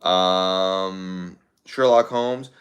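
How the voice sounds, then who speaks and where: A man's voice: sits low, extremely slow, fairly bright tone, smooth. Laid-back man chatting on a livestream. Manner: offhand, thinking aloud, with fillers and repeated phrases. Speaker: livestream host. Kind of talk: casual chat reading viewer comments.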